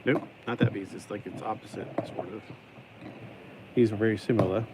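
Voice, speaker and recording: A man's voice: on the low side, fairly even intonation, fairly quick, noisy background. A man casually narrating his LEGO build, rambling and joking to himself, slipping into a put-on accent. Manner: rambling, talks to himself, sings and jokes while building; puts on a stuck-in accent today. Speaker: YouTuber building a LEGO set.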